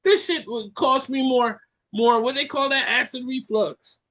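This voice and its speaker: A Caribbean man hosting a podcast, ranting in an animated way and repeating lines for effect. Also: very high voice, a little slow. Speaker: podcast host. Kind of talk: casual chat.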